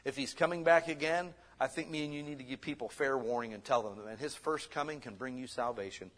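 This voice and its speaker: A man preaching a sermon as pastor, conversational and lively, swinging between loud bursts and soft asides. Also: mid-range voice, fast.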